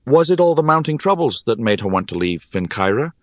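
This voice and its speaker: A man narrating a first-person fantasy audiobook in a calm, measured storytelling manner. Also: medium pitch, no room sound, clean studio sound.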